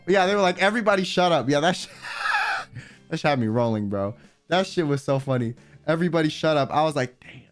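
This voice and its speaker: A young man chatting casually on a livestream, telling a story with lots of swearing and sudden high yelps. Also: a bit bright. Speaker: streamer. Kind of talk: casual stream chat.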